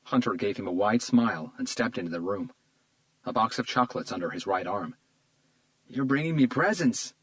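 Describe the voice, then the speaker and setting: A man narrating a crime thriller audiobook in a steady, measured read. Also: deep voice, no echo, low-quality recording. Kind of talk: scripted narration.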